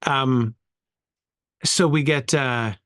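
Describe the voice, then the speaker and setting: A man's voice: mid-range voice, extremely slow, fairly bright tone, no echo, studio quality. Man thinking aloud over Greek words. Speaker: Bible study teacher. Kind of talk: informal Greek Bible study.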